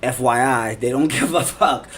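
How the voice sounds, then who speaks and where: A man's voice: mid-range voice, moderate pace, a bit bright, breathy edge. A man and father of three talking casually on a livestream, rambling, repeating himself, swearing and laughing. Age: adult father. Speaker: live streamer.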